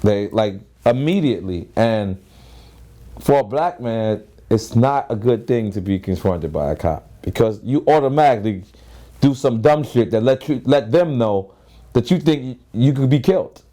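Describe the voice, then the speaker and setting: A man's voice: mid-range voice, animated, moderate pace, warm tone. A man, telling stories in an interview in a loose, profane way and acting out both sides of each exchange. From Queens, New York. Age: 30s. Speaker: rapper and interview guest. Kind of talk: casual storytelling interview.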